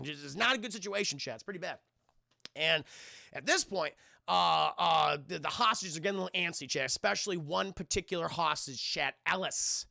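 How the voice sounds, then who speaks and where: A man recapping a movie on a live stream in a casual, profane, excitable way, talking to chat. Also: on the high side, fairly quick, creaky, no echo, studio quality. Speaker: film reviewer and streamer.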